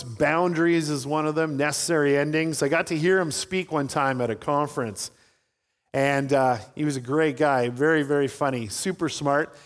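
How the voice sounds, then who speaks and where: A man's voice: fairly high pitch, big-room sound. A man preaching a sermon as pastor, telling stories and acting out voices in his anecdotes.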